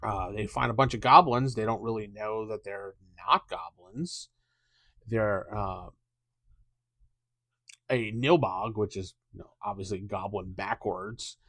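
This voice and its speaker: A man hosting a casual tabletop gaming podcast, rambling and thinking out loud with lots of fillers. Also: fairly low pitch, steady tone, a little slow, no room sound. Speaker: podcast host.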